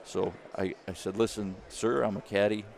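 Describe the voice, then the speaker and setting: Man, low gravelly voice, animated storyteller, faint background hiss. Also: moderate pace. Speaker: jerky company founder, former caddie. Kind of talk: storytelling interview.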